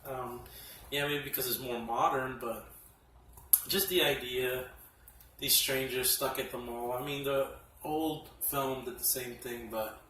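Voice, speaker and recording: An excitable man talks through his favorite horror films in a loose, profane vlog style, laughing often. His voice is bright and forward. He sits some distance from the mic, in a room with a noticeable echo. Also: medium pitch, unhurried, a little hiss or hum. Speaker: horror film collector reviewing his collection. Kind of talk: casual vlog review.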